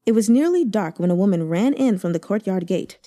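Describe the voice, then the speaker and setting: Brief: woman audiobook reader, mellow tone, very lively pitch, emotive. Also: fairly quick. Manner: expressive, emotive reading. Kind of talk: expressive novel narration.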